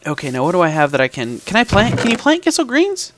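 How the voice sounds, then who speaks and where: A man's voice: high voice, huge pitch swings, fast, a bit bright. A man hosting a gaming video, chatting casually as he plays, thinking aloud and humming little sound effects while he talks to the game. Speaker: gaming channel host. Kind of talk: casual gameplay commentary. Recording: background noise with mouse and keyboard clicks.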